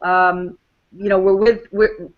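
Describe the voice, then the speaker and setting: A woman's voice: medium pitch, level tone, slow. Upbeat New England woman hosting a team call, slightly dull sound. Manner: upbeat and encouraging. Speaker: host.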